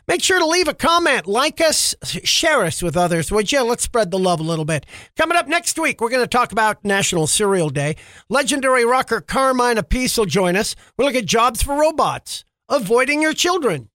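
A man's voice: very high voice, big pitch swings, a little fast, sharp tone, no room sound, studio quality. A man hosting a podcast, delivering a comedic monologue and grumbling wisecracks about pet peeves. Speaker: podcast host.

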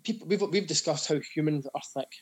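A man's voice: fairly high pitch, a little fast, breathy edge. A Scottish man co-hosting a podcast, telling stories in casual chat. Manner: storytelling, chatty. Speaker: podcast co-host.

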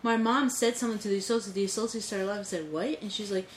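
A woman co-hosting a casual podcast chat, telling stories in an animated, indignant way with some swearing. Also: mid-range voice, very fast, roomy sound, slight background noise. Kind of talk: casual conversation.

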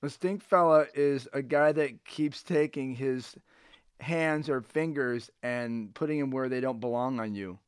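A man's voice: medium pitch, unhurried, clean tone, no echo, clean studio sound. A man co-hosting a casual podcast chat, cracking jokes and teasing the others. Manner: teasing, jokey wisecracks. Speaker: co-host.

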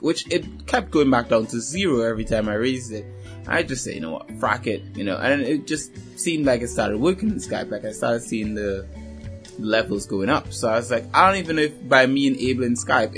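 A man chatting casually on a podcast, telling a story with lively acted-out voices, swearing now and then and laughing often. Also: mid-range voice. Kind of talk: casual chat.

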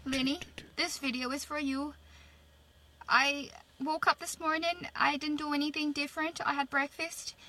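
A high, bright woman's voice from Australia, speaking with an Irish-sounding accent. She recounts things in a matter-of-fact way in a selfie video update. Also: fairly even intonation, moderate pace, slight background noise. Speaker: social media poster.

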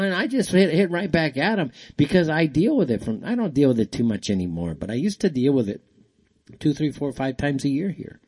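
A man's voice: fairly high pitch, sing-song, fairly quick, darkish tone, slightly rough. A middle-aged man hosting a show, talking alone in a rambling, heated monologue full of repeated phrases and restarts. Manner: heated, ranting, repetitive restarts. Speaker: show host.

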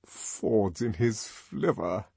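A man voicing a pompous middle-aged director in an audiobook, brisk and pompous. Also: lowish voice, animated, creaky, mellow, husky, no echo, heavily acted.

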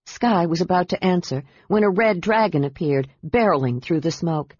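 A woman reading a fantasy novel aloud as audiobook narrator, with a measured, steady delivery. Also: lowish voice, breathy edge, no room sound. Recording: dull dry audiobook recording.

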